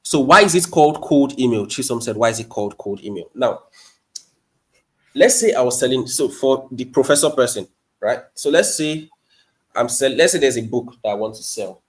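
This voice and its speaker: A man with a Nigerian accent, a guest on a live stream. He explains things in a loose, chatty way, and his pitch sits in the middle range. He keeps the audience involved with quick rhetorical questions. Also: expressive. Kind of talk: casual live-stream teaching and Q&A.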